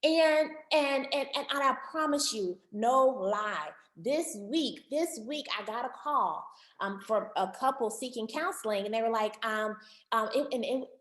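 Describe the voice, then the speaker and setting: In an echoey room, a woman marriage counselor delivers an online workshop talk at a measured pace, her voice a little high. She's animated, repeats words for emphasis, and addresses her listeners as family.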